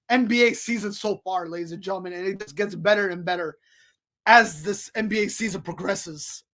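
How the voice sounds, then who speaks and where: Excitable high-voiced sports podcast man. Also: moderate pace. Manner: excitable, repeats "folks" and "ladies and gentlemen", many restarts. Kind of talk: solo sports podcast, scores and picks.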